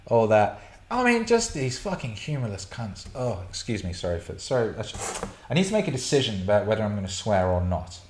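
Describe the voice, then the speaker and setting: A man's voice: on the low side, very animated, a little fast, hardly any pauses, darkish tone, slight background noise. A man hosting a casual live stream, reading chat questions and rambling, swearing and laughing often. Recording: roomy echo.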